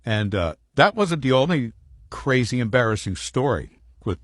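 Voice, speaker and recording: A man's voice: mid-range voice, moderate pace, no echo, studio quality. A man telling a funny personal anecdote, acting out the people he quotes. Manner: animated storyteller acting out quoted lines. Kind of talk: storytelling anecdote.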